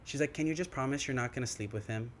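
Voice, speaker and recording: A man's voice: quick pace, slight background noise. A young man co-hosting a podcast, telling a story in casual chat and acting out the quoted lines of others. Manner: animated, acts out quoted dialogue with big pitch swings. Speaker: podcast co-host. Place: podcast studio.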